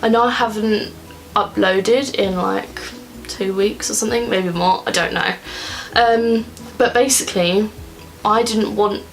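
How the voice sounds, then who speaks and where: A woman's voice: mid-range voice, steady tone, unhurried, soft background music, poor audio. Woman, young adult, chatty get-ready-with-me vlogger, rambly with lots of "like"s, home recording. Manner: chatty and rambling, many filler "like"s. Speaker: beauty vlogger. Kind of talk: casual get-ready-with-me chat. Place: at home, indoors.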